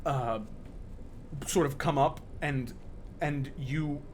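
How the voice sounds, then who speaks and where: A man narrating a tabletop role-playing game as game master, with lively, stumbling storytelling full of fillers. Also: on the high side, slow pace, slight background noise.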